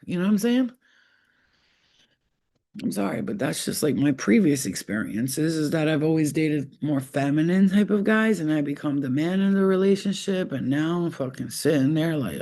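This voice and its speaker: A woman giving a casual tarot reading to her viewers, blunt and profane, telling animated stories. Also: sits low, normal speed. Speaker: tarot reader. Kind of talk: casual spiritual talk to viewers.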